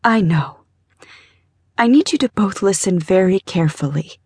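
A woman voicing a frightened, loving young mother in an audiobook, speaking softly and through tears. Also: medium pitch, animated, moderate pace, slightly rough, no room sound. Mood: tender. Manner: soft, tearful, whispering. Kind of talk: audiobook character voice.

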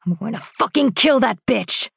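A woman voicing a volatile young man in an audiobook, shouting raw and tearful. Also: on the high side, animated, moderate pace, vocal fry, husky, dry recording, studio quality, pitched above the performer's own voice, full character voice. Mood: furious anguish. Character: enraged grieving young man, volatile dragon brother.

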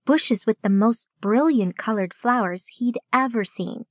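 A woman narrating a children's audiobook in a clear, steady reading voice. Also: on the high side, measured pace, no room sound, studio quality.

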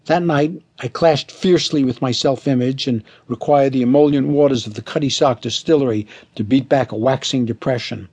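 A man narrating his own humorous story in a wry, dry manner, giving the ornate, wordy prose a deadpan reading. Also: medium pitch, moderate pace, hardly any pauses, breathy edge. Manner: flustered, stammering when he speaks as himself.

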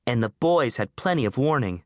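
A man's voice: mid-range voice, animated, a little fast, dry recording, clean studio sound, lightly acted. A man voicing a spunky, determined teenage girl who talks in a pushy, brash way in an audiobook. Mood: urgent, defiant.

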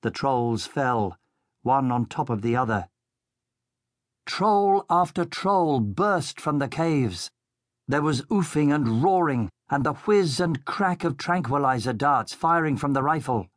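A man narrating a children's audiobook in a steady, measured storytelling voice into a studio microphone. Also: mid-range voice, dry recording.

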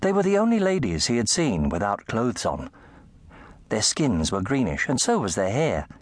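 Lively male audiobook narrator, dry studio. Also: normal speed, no room sound. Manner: animated storytelling, shifting pitch for effect. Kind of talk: scripted narration. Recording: dry close studio sound.

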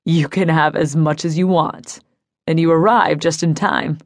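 A woman's voice: sits low, fairly even intonation, a little slow, no room sound, clean studio sound. A woman voicing a tough male bodyguard in an audiobook, friendly and eager in manner.

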